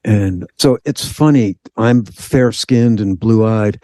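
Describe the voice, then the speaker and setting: A man telling a personal story in an interview, animated, acting out the voices of the people in it. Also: lowish voice, takes it slowly, dry recording. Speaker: guest.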